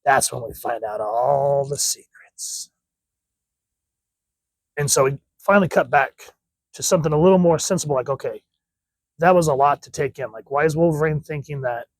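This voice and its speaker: A man reviews a comic in an easygoing, rambling way, stopping himself with "like" and "wait a minute" asides. His pitch sits in a middle range. The sound is dry and close, with no room echo. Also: normal speed, long pauses.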